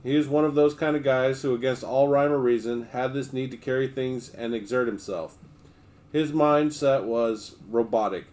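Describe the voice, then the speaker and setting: A man hosting a livestream, reading a memoir aloud in a steady, relaxed first-person voice. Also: medium pitch, normal speed.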